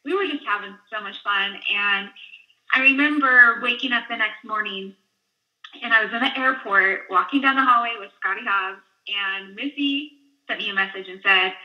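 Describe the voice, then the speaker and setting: A woman's voice: mid-range voice, moderate pace, bright, forceful tone, poor audio. A woman hosting a fitness team webinar, talking in an upbeat, gushing, casual way. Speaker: webinar host, team leader. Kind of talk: enthusiastic casual webinar talk.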